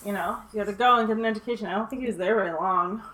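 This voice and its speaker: A young woman in casual chat about horror films, animated, swearing freely and using lots of fillers. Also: medium pitch, racing.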